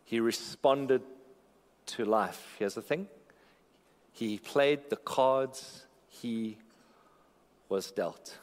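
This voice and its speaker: A man preaching a sermon in a church, animated, repeating phrases for emphasis and joking with the congregation. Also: medium pitch, drawn-out words, pauses often, long reverb tail. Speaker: pastor.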